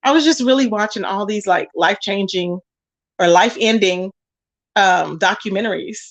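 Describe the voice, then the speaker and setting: A woman hosting a casual livestream, reading viewers' comments aloud and reacting with lively exclamations and frequent laughter. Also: medium pitch, moderate pace. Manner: animated, laughs often, calls viewers baby and child. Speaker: livestream host reading chat. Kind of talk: casual chat.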